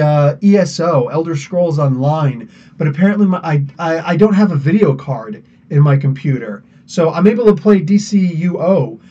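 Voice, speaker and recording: Excitable rambling man, distant muffled mic. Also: a little high. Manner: excitable, rambling, many fillers and restarts. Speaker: podcast host answering live chat. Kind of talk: casual live-stream chat.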